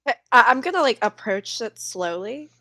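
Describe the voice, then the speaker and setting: A woman's voice: on the high side, lively intonation, normal speed, bright, forceful tone, no echo. Eager woman player describing her move. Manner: eager, hesitant, lots of fillers. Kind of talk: describing her character's actions.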